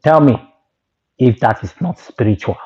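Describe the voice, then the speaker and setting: A man vlogger telling a story in an animated, exclaiming way and moralizing to his viewers. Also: mid-range voice, moderate pace, highs cut off. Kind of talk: storytelling monologue.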